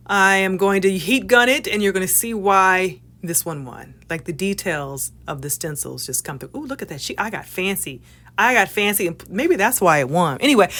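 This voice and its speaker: A woman hosting a casual crafting demonstration, bubbly and excitable, chatting with playful asides, giggles and little whispered apologies. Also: on the low side. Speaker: craft tutorial host.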